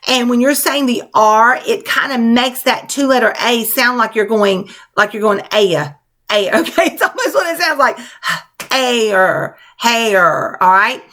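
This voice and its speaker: A fairly high, fairly bright woman's voice moves at a moderate pace. She's a teacher guiding young children through a spelling lesson, patiently coaching them in a sing-song way.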